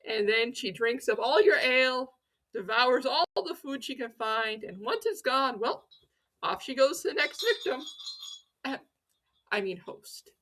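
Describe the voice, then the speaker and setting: A woman's voice: high-pitched, animated, normal speed, bright, forceful tone. A woman hosting a folklore channel, telling its stories in a playful, theatrical way with self-mocking asides. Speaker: host of a pagan folklore channel. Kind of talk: playful educational storytelling.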